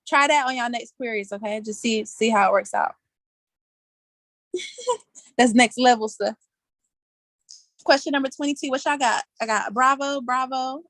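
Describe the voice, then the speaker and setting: A woman's voice: a little high, a bit bright, no room sound. Playful, slangy woman hosting a quiz. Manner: playful, chatty, laughs often, colloquial slang. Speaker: session host running a quiz. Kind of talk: casual live online quiz. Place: outdoors.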